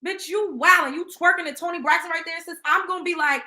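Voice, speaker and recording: A woman hosting a gossip commentary show, profane and blunt, with an animated delivery. Her voice is high and bright. The room gives it a roomy echo. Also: fast talker, few pauses. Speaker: show host. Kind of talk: casual celebrity gossip commentary.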